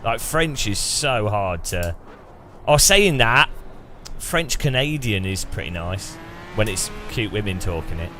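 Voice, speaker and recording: A man's voice: lowish voice, lively intonation, unhurried, pushed and bright, slight background noise. An English man from England, streaming a racing game and chatting casually in a rambling way, often restarting his sentences. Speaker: gaming streamer. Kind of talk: casual chat over racing gameplay.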